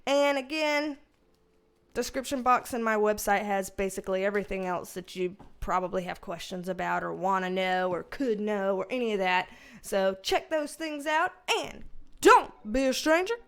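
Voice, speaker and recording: A woman's voice: mid-range voice, normal speed, clear, resonant tone. A young adult woman hosting her tarot channel, talking loosely to camera in a rambling, self-correcting way. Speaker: tarot reader and channel host. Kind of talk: casual direct-to-camera vlog talk.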